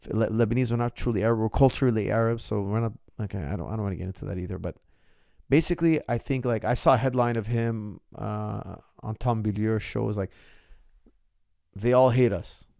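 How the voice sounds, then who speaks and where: A middle-aged man, a martial arts coach, answers viewer questions in a casual solo talk. His voice is gravelly with a lot of vocal fry, recorded close and dry with no room sound. He speaks with force and hammers points home by repeating them. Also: fairly low pitch, fast, mellow, dry recording. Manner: impassioned, emphatic repetition of phrases.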